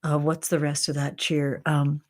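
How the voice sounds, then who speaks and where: A woman hosting a casual live stream, chatting playfully with viewers and slipping into soft whispers and remembered cheers. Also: low voice, level tone, measured pace, no echo, studio quality. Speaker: tarot content creator, live stream host.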